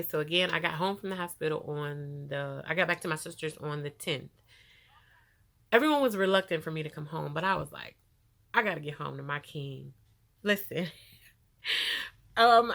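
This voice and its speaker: A woman telling her own story to camera in a casual, animated way, laughing often and growing emotional, with features. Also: on the low side, vocal fry.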